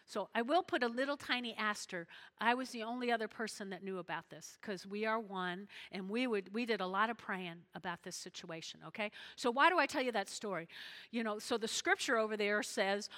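Bright-voiced woman preaching in a reverberant hall. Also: mid-range voice, a little fast. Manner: chatty, checks in with listeners often. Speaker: pastor's wife, preacher. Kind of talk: sermon.

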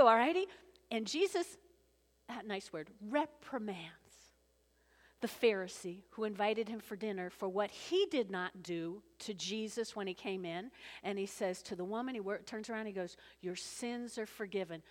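A woman pastor preaching a sermon in a church, lively and animated, acting out voices from the story. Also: mid-range voice, moderate pace. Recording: long reverb of a church hall.

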